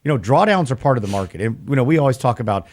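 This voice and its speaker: A man co-hosting a financial talk show in a hoarse voice that is nearly gone, speaking in a measured way with frequent restarts. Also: mid-range voice, expressive, a little mellow. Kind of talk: casual radio finance chat.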